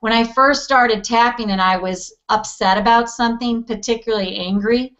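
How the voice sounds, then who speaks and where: A woman's voice: on the high side, normal speed, a bit bright, muffled recording. A woman guest in a casual interview, talking animatedly and acting out quoted voices with easy laughs. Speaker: interview guest, EFT practitioner.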